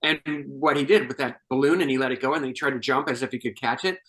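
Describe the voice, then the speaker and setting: An older man, a guest filmmaker, chatting casually and telling animated behind-the-scenes stories with restarts and laughs. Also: mid-range voice, quick pace, poor audio. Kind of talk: casual chat.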